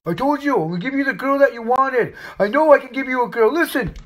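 A man's voice: very high-pitched, animated, quick pace, a bit bright. A man delivering a crude, scolding comedic rant in a skit.

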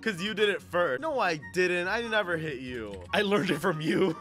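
A young man giving excitable gameplay commentary as a gaming YouTuber, laughing a lot and often calling people "bro". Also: high-pitched, moderate pace, music in the background.

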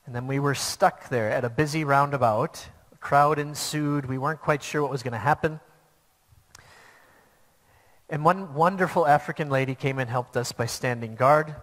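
A man's voice: medium pitch, brisk, few pauses, fairly bright tone. A man preaching a sermon to a church, telling a personal story in an earnest, plain way. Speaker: pastor. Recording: long hall reverb.

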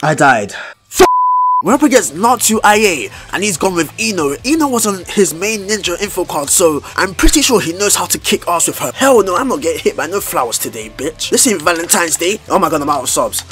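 A young man giving loud, excitable gameplay commentary full of trash talk, swearing and sudden outbursts. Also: high voice, a little fast, over music. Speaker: gaming YouTuber.

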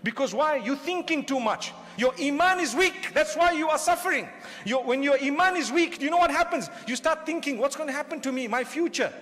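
A man's voice: very high voice, expressive, a little fast, sharp tone. A man giving an Islamic sermon, humorous and conversational, full of rhetorical questions. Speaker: Islamic preacher. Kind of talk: lecture sermon. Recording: long hall reverb.

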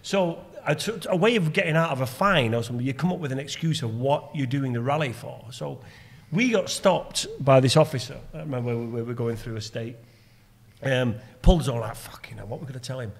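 Fast-talking man telling a story. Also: medium pitch, creaky, long reverb tail. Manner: storytelling, quick and animated. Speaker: podcast co-host. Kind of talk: casual pub chat.

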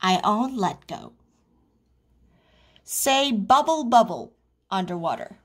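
A woman's voice: medium pitch, very animated, slow. A woman voicing a patient mother frog who coaxes and encourages. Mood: instructing. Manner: coaxing, encouraging.

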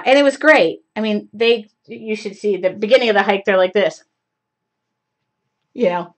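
A woman's voice: on the high side, fairly bright tone. A woman in her forties hosting a live craft show, chatting casually and rambling with many fillers. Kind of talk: casual live-stream chat. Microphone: computer mic on a live stream. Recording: dull lo-fi live-stream audio.

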